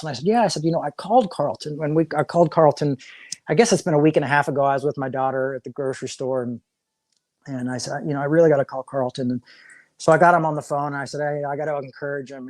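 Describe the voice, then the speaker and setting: A man's voice: mid-range voice, darkish tone, no echo. A man, a pastor, talking casually in an interview, rambling with many restarts and repeated words.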